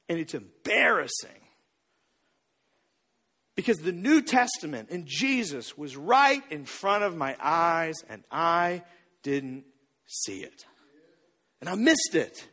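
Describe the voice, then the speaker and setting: A male pastor preaching a sermon, swinging from loud emphasis to hushed, near-whispered lines, with a husky voice. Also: sits high.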